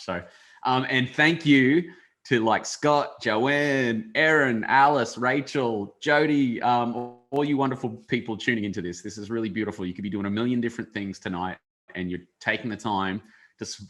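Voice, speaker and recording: A man's voice: on the low side, a bit bright. An Australian man interviewing on a video call, effusive and full of hesitant ums. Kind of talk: casual conversation on a video call.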